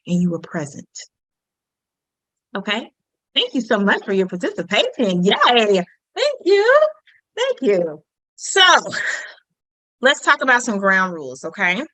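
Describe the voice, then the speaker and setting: A woman's voice: medium pitch, a bit bright, no room sound, low-quality recording. A woman teaching an online communication workshop, chatty and humorous, throwing jokes into her lessons. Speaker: workshop instructor.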